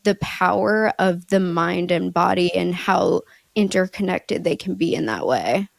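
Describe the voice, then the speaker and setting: A woman co-hosting a therapy podcast answers her partner supportively. She talks slowly, with a gravelly texture. The sound is dry and close to the mic. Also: lowish voice, no echo. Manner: supportive listener, frequent affirmations. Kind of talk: casual podcast conversation.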